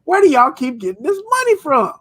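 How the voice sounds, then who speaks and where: A man co-hosting a podcast, telling a story as an animated, profane rant in casual chat. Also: very high-pitched, fairly quick. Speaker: podcast co-host.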